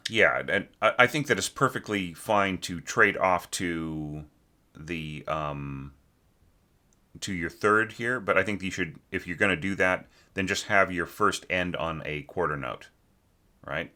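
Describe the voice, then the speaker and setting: A man's voice: deep voice, unhurried, bright, forceful tone. A man teaching orchestration, critiquing a student's score in a rambling, conversational way, often asking "right?" and sometimes singing a phrase to show it. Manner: sings short phrases to show a melody.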